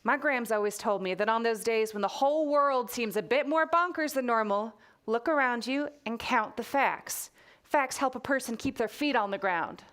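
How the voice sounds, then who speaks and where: A proud, sassy young girl storyteller from a children's book, as a woman reads her out. She has a Texas accent, a slightly high voice and a cheeky, matter-of-fact way of listing her facts. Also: moderate pace, fairly bright tone, lightly acted. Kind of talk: reading a children's book aloud.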